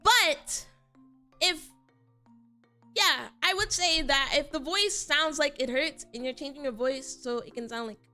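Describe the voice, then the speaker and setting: A woman's voice: high-pitched, a little slow, bright, forceful tone, faint music behind. A young woman VTuber chatting casually on stream, answering chat and laughing often.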